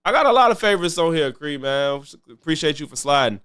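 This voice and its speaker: A man's voice: on the high side, lively intonation, quick pace, fairly bright tone, clear, resonant tone. A man commenting casually on a live stream, loose and chatty, repeating himself and thanking viewers. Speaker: streamer reacting to clips.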